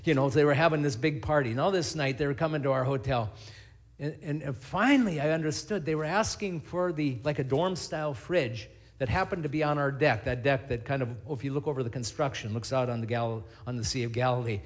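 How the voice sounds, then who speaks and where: A middle-aged man, a pastor, preaching a sermon and telling stories in a lively, animated way. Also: medium pitch, fairly quick. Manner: storytelling, animated, acts out scenes.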